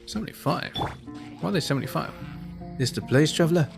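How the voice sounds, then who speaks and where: A man's voice: on the high side, lively intonation, fairly quick, creaky, over music. A man chatting and joking while playing a video game, swearing freely. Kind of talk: casual let's-play commentary.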